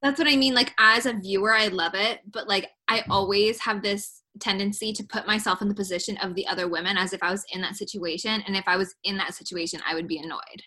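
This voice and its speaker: A woman's voice: medium pitch, fairly even intonation, fast, hardly any pauses, pushed and bright. A woman co-hosting a podcast, chatting casually about a reality show and acting out what the cast said, with lots of "like" fillers. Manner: chatty, acts out quotes, many "like" fillers. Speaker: podcast co-host.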